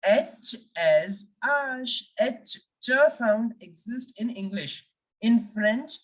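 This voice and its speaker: A woman teaching the French alphabet, speaking deliberately and repeating each letter for learners. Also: medium pitch, a bit bright, far from the mic, poor audio. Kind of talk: language lesson.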